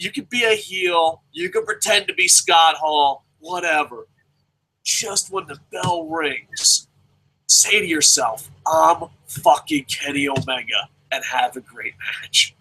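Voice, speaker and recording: A man's voice: on the high side, a little slow, sharp tone, slight background noise, poor audio. A man hosting a wrestling preview chat, ranting with heavy swearing and passion. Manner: profane, impassioned ranting. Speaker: host.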